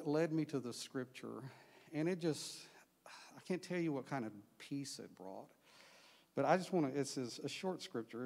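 A man sharing a personal testimony in church and reading scripture aloud, speaking haltingly with fillers and restarts. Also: mid-range voice, vocal fry, darkish tone. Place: church sanctuary. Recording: long church reverb.

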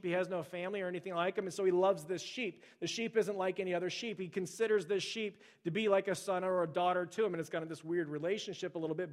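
Guy preaching a sermon, pretty high voice, chatty style that gets loud and forceful in the big moments. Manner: conversational preaching, rising to forceful when quoting scripture. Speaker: pastor.

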